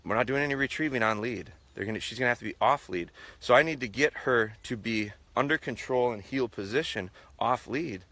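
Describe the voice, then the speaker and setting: A man's voice: mid-range voice, brisk, few pauses, bright, forceful tone, dry recording. A middle-aged man, a dog trainer, talking casually outdoors while live-streaming and answering viewers' questions. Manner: casual, repeats himself, imitates whistle blasts. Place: outdoors with his dogs.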